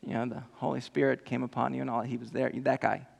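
A preacher playing a fumbling, nervous disciple. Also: male voice, mid-range voice, little pitch movement, fast, creaky. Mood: awkward. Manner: hesitant, stammering, fumbling. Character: awkward nervous male disciple. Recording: long hall reverb.

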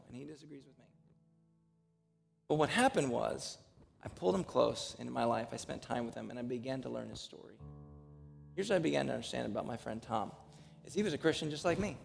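Man, pastor, sermon, gravelly voice, long hall reverb, music behind. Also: mid-range voice. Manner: storytelling, building to loud passionate preaching. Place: church sanctuary.

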